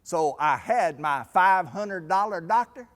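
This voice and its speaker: A man's voice: sits high, a little slow. A man presenting a stewardship seminar, telling anecdotes and acting out the people in them. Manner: lively storyteller acting out quoted people. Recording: long hall reverb.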